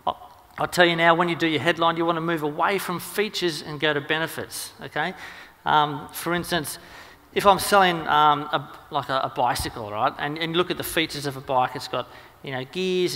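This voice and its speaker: A man giving a rapid, energetic marketing seminar talk, full of ums and restarts. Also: fairly high pitch, long reverb tail. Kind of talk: seminar presentation. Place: seminar hall.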